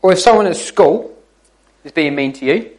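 A man's voice: fairly high pitch, expressive, normal speed, low-quality recording. A man giving an informal, jokey church talk to young people, teasing his listeners as he goes. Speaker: youth speaker.

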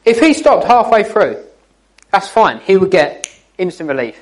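Guy, kinda high voice, chatty jokey church talk for young people. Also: big pitch swings, measured pace, poor audio. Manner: jokey, chatty, teasing the listeners. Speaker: youth speaker.

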